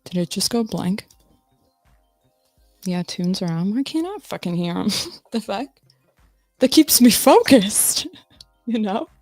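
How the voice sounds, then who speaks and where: A woman's voice: mid-range voice, big pitch swings, slow pace, pauses often, a little mellow, no room sound, faint music behind. A woman hosting a casual livestream, chatting loosely with viewers while she fiddles with her audio settings. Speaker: livestream host.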